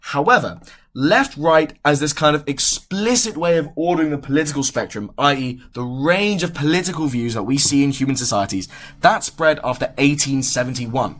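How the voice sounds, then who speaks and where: A young man talks through a history lesson for his podcast at an ordinary, mid-range pitch. He speaks casually and restarts sentences when he catches a mistake. It sounds like an unscripted explainer. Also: fairly bright tone. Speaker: educational podcast host. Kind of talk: explainer talk.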